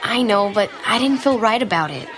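A woman's voice: medium pitch, animated, a little fast, a bit bright, a faint crowd, a little hiss or hum, close to an everyday voice. An actress playing a good-natured, slightly clumsy teenage girl who talks sheepishly. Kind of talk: radio drama acting.

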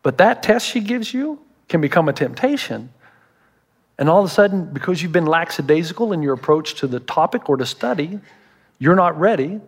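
A man's voice: fairly high pitch, expressive, fairly quick, breathy edge. A middle-aged man, a pastor preaching a sermon with humorous storytelling.

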